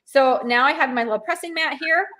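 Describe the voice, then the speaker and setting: A woman's voice: high-pitched, a little fast, a bit bright. A woman giving a live sewing and craft demonstration, chatting through each step with lots of fillers.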